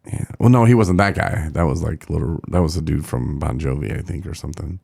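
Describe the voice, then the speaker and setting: Very deep gravelly-voiced man chatting. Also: a little fast, a little mellow, dry recording, studio quality. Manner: rambling, jokey, trails off. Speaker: podcast co-host. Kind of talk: casual chat.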